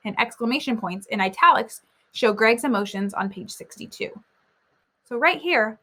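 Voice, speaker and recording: Bright, upbeat woman teacher. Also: on the high side. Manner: upbeat, encouraging and explanatory. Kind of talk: recorded reading lesson.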